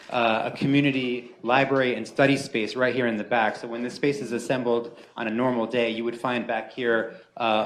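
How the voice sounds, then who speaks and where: A man giving a welcome speech as a bookstore organizer at a community event, speaking earnestly with frequent fillers. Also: medium pitch. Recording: echoey room with faint noise.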